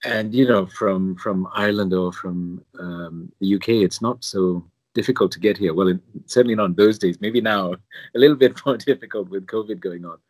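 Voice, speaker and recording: Low-voiced posh British-accented priest. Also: male voice, moderate pace, a little mellow, no echo. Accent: British, somewhat posh. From Singapore. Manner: self-deprecating, chuckles often, meandering. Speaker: priest, pilgrimage chaplain. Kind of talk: interview guest, storytelling.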